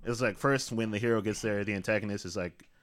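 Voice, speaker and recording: A man in casual chat, joking about a movie with quick asides. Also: lowish voice, steady tone.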